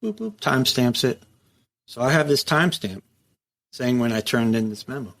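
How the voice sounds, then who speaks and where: A man's voice: medium pitch, moderate pace. A middle-aged man, a former prison captain, telling stories bluntly and profanely in a casual interview. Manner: blunt, profane, lively storyteller who acts out quotes.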